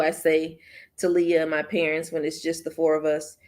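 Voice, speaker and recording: Low-voiced woman reading a novel aloud. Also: completely flat delivery, normal speed, darkish tone. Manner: chatty, slips and restarts, speaks to viewers as y'all. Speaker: book club host.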